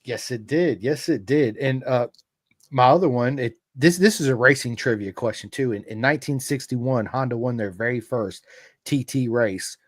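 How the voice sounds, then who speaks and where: An American man hosting a podcast, chatting casually and telling stories with lively acted-out exchanges. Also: medium pitch, moderate pace, dry recording, studio quality. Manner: animated storyteller who acts out quoted exchanges. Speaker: podcast host. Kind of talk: casual interview chat.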